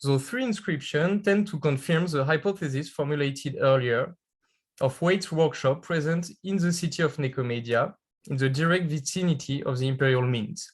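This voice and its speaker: A man with a French accent reading an academic paper aloud on a video call, careful and measured, with small restarts. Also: fairly high pitch. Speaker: conference speaker.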